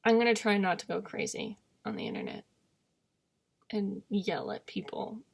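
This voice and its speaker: A woman's voice: mid-range voice, big pitch swings, normal speed, gravelly, breathy edge. A young woman vlogging in a candid, rambling monologue, self-deprecating and often trailing off into murmurs.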